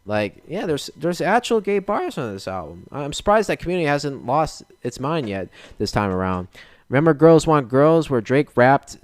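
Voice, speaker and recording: A man's voice: mid-range voice, very animated, moderate pace, dry recording. A young man hosting a podcast, ranting casually and with exasperation. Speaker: podcast host.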